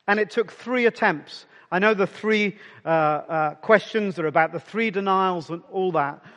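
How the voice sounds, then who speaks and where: A man delivers a conversational sermon to his congregation, his voice sitting high for a man. He talks personally and directly, often sinking to a soft near-whisper to press a point home. A long reverb trails each phrase. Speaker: pastor.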